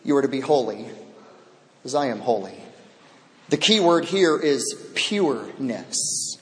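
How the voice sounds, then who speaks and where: Male pastor preaching a sermon, slow and deliberate, high voice ringing in a long-echo hall, loud declarations dropping to hushed asides. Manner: swings between loud emphatic declarations and low hushed asides; repeats words for emphasis, expressive preaching. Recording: long reverb, large hall.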